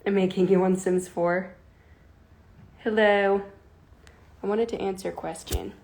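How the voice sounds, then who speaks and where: A giggly young woman in her early twenties, chatting loosely to viewers on a phone livestream from home. Her voice sits at an ordinary middle pitch, and she rambles from one aside to the next. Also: steady tone, a little slow, creaky, a little mellow. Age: early 20s. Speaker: livestream host. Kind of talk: casual livestream chat. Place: at home with a kitten.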